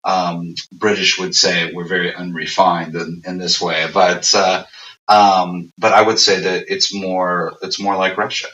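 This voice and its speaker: A deep-voiced American man gives loose, rambling interview answers full of fillers and restarts. His tone is bright and forceful. He sits back from the mic in a roomy space, and the audio sounds dull. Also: distant mic. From USA. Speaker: interview guest.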